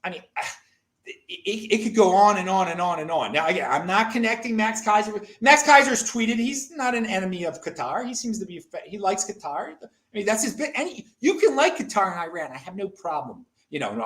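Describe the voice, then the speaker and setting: American guy hosting, high voice, all over the place pitch-wise, keeps restarting. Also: fairly quick. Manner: rambling, excitable, many restarts and stammers. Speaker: show host. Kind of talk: casual talk show chat.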